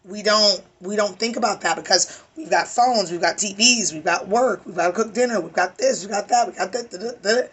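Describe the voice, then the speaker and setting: Woman tarot reader, emphatic and preachy, tired voice, bright and breathy. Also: mid-range voice, a little fast, hardly any pauses. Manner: preachy, emphatic, swears casually. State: weary voice. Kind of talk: spiritual tarot reading.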